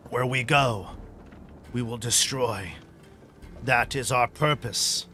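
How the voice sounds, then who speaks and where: A man voicing a cruel, domineering male giant chief with a guttural tone and slow, menacing delivery. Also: medium pitch, pushed and bright, soft background music. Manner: slow, menacing, drawn-out words.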